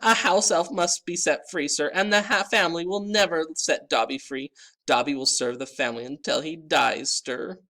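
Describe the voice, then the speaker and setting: A man reading a storybook aloud and voicing a small, tearful, groveling male house elf in a high-pitched, excitable way. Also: normal speed. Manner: earnest, excitable, wailing.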